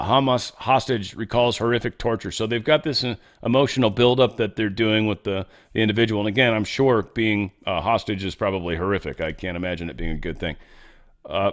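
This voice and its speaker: A man hosting a show, giving casual political commentary in a rambling, off-the-cuff way with some swearing. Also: medium pitch. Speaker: show host.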